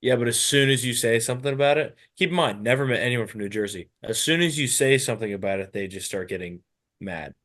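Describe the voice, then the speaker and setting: A man's voice: medium pitch, quick pace, a bit bright. A man co-hosting a comedy podcast, laid-back, mostly answering with short, dry replies. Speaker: co-host. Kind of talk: casual comedy podcast chat.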